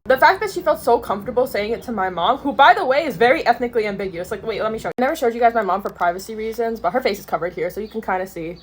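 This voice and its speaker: A woman in her twenties telling stories to camera in a casual, animated way, often breaking into laughter and using slang. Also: a little high, very fast, few pauses, husky. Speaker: storytime vlogger. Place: New York City.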